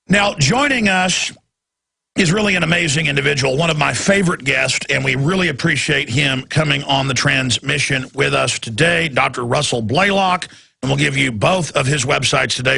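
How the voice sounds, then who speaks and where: Gravelly, forceful ranting radio host man. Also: a little high, normal speed. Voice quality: gravelly, raspy. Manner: ranting, acts out quoted voices. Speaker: talk show host. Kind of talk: talk radio monologue.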